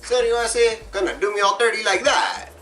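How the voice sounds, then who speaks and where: A man's voice: high-pitched, fairly even intonation, fast talker, sharp tone, distant mic, voice pushed up. A man voicing a swaggering young homie, slangy and cocky. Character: swaggering young male cholo-style homie.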